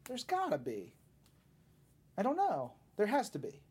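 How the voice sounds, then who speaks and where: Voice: mid-range voice, wildly swooping pitch, measured pace, a little mellow, husky. Chatty podcast host reading tweets. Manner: chatty, laughs easily, riffs on questions. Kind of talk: casual podcast chat reading listener tweets.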